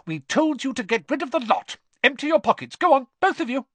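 A man voicing a stern, shrill middle-aged mother who scolds her sons. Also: normal speed, fairly bright tone, no room sound. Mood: furious. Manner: shrieking, scolding.

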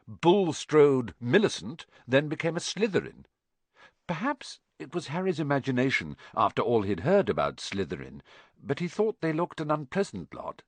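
A man narrating an audiobook with lively, animated delivery, his pitch rising and falling a lot. The recording is dry and close, with no room sound. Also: no room sound. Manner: expressive, animated storytelling.

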